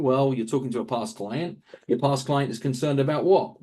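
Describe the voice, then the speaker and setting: Man, coach type, husky timbre, energetic explainer, mid-pitched. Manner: animated, acts out quick asides in other voices. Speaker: real estate coach, guest. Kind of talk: interview answer, coaching talk.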